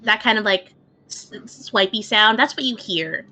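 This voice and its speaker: A woman's voice: medium pitch, animated, moderate pace, bright, forceful tone. A woman narrating a tabletop game as game master, describing scenes in a casual way. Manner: descriptive, laughs easily, casual.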